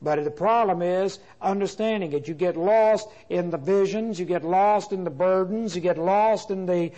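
A man teaching a Bible class in a lecture style, deliberate, restating his points with frequent "uh" fillers. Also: sits high, warm tone, poor audio.

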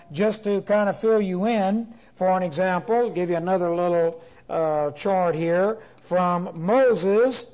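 A man teaching a Bible class in a lecture style, deliberate, restating his points with frequent "uh" fillers. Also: high voice, darkish tone, low-quality recording.

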